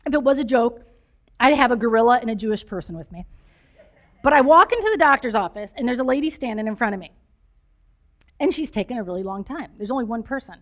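A woman's voice: fairly high pitch, lively intonation, fast talker, long pauses, lo-fi sound. A woman pastor giving a conversational storytelling sermon, chatty and self-deprecating, with lots of fillers.

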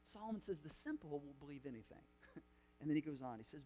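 A man's voice: a little high, big pitch swings, fast, warm tone, slight background noise. A middle-aged male pastor preaching a sermon, telling a personal story with lots of quoted dialogue and restarts.

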